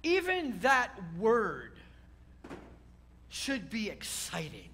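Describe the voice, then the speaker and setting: A man's voice: sits high, wildly swooping pitch, very slow, pushed and bright. A man, a rabbi, preaching a sermon to a congregation, repeating key words and building to emphatic peaks.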